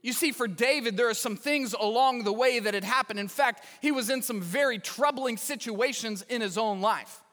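A man's voice: very high-pitched, moderate pace, hardly any pauses, fairly bright tone. A male pastor giving a sermon with stories and self-deprecating humor, speaking in a large church hall. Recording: reverberant hall.

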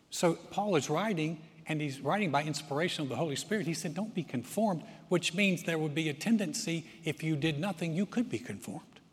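A Southern US pastor delivers a humorous sermon full of folksy jokes, often repeating words as he restarts a thought. His voice is on the high side with a breathy edge, and the recording carries the long reverb of a large hall.

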